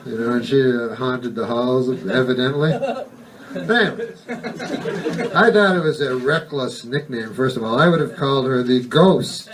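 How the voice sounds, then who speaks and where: A man doing a stand-up routine, rambling and deadpan, correcting himself and swearing casually, recorded live on stage. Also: medium pitch, moderate pace, recorded from a distance, background noise. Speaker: stand-up comedian.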